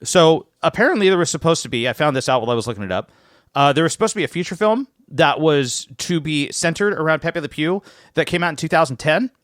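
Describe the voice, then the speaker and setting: A man co-hosting a casual podcast, talking in an animated way with plenty of restarts and some swearing, close to the mic. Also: on the high side, fast talker, no room sound. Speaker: podcast co-host.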